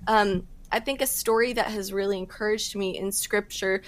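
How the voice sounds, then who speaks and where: A woman speaking as a podcast guest, giving earnest faith testimony in casual talk with quick bursts and fillers. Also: medium pitch, fairly even intonation. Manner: earnest, fast-talking with fillers.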